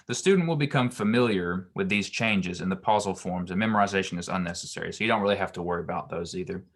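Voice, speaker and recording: A man teaching grammar in a very low, deep voice. He explains patiently and haltingly, with frequent ums and restarted phrases. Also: a bit bright. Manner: hesitant, many ums and restarts. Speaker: Hebrew grammar tutor.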